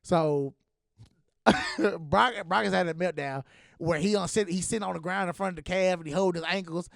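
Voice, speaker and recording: Young man, podcast host, high voice, gravelly edge, animated storytelling. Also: normal speed, no room sound, clean studio sound. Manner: animated, acts out quoted voices, laughs often. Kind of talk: casual storytelling chat.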